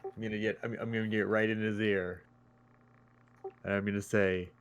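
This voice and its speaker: A man's voice: on the low side, level tone, moderate pace, pauses often, clean tone. A man playing a tabletop game, chatting casually and playfully. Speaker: player.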